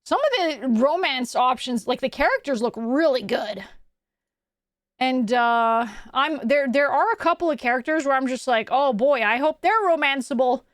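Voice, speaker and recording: Bubbly high-voiced woman streamer. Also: animated, moderate pace, no room sound, clean studio sound. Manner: bubbly, chatty, answers chat aloud. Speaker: VTuber streamer. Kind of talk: casual live-stream chat.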